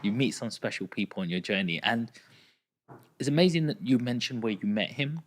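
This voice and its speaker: A man in his thirties with an East London accent, hosting a podcast interview and telling stories in a lively, chatty way. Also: mid-range voice, a little fast. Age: 30s. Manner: lively storyteller, acts out quoted voices. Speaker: podcast host. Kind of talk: casual conversational interview.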